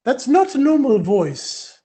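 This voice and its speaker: A man voicing a stern older female choir teacher with a Welsh accent, commanding and shrill. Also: sing-song, slow, warm tone, exaggerated voice. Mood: insistent.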